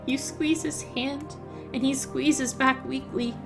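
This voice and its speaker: A woman's voice: sits high, fairly even intonation, takes it slowly, gravelly, music in the background. A woman hosting a game let's play, reading the story aloud and commenting emotionally, tearful, stammering and laughing.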